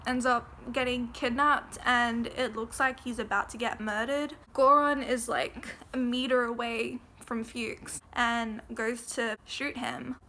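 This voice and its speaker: A woman walks through a TV series in a loose, chatty vlog, dotting her talk with "like" and the odd swear. Her voice sits a bit high and has a bright, crisp edge. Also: slight background noise. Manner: chatty, frequent "like" fillers and casual swearing. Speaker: video essayist. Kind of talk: casual recap of a TV series.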